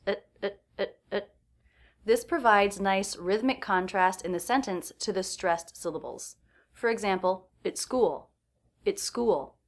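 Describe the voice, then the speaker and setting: A woman teaches pronunciation in a clear, precise way. She speaks at a measured pace and repeats each sound she shows, the way a scripted lesson is delivered. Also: medium pitch, a bit bright.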